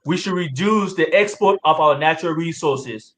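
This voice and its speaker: A man running for president answering interview questions in a halting way, with many pauses and fillers. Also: on the high side, fairly bright tone, poor audio. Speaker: presidential candidate.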